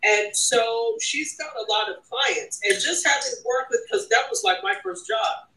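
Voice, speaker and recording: Animated woman, echoey and distant. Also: a little high, a little slow. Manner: animated, emphatic, restarts often. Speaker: panel guest. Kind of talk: casual panel discussion.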